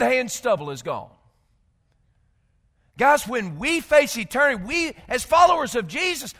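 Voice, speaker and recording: Man preaching, very high voice, sharp and bright tone, emphatic swings from loud to hushed, repeats words, sermon. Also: sing-song, moderate pace. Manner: emphatic, swinging between loud outbursts and quiet low passages; repeats words when gathering thoughts. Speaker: pastor. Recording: long hall reverb.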